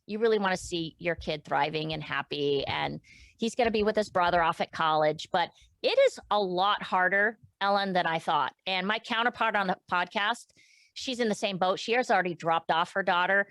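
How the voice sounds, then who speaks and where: A woman's voice: lowish voice, normal speed, a bit bright, dry recording. A middle-aged woman guest speaking candidly and emotionally in a casual interview, with many restarts and fillers. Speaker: podcast guest.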